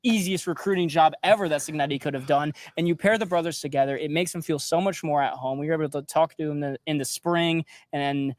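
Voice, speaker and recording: A man's voice: on the high side, fast, few pauses, no room sound. Young guy chatting football, loose and conversational, dry close mic. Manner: conversational, many fillers. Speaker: sports show co-host. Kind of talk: sports analysis chat.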